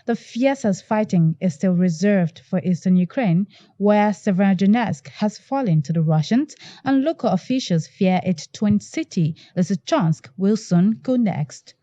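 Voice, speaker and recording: Woman news reporter, very dark mellow tone, dry muffled lo-fi recording, formal read. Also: mid-range voice, lively intonation, no room sound. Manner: measured, formal delivery. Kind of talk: scripted news voice-over.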